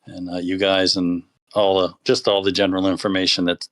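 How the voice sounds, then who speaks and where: A man calling in to a show, chatting casually and rambling with warm thanks. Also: low voice. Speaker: caller. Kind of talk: casual call-in chat.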